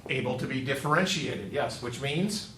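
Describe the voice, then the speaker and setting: A man's voice: medium pitch, animated, moderate pace, a bit bright, a little hiss or hum. A male math teacher lecturing a class, quizzing students with upbeat joking asides. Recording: echoey classroom, mic far off.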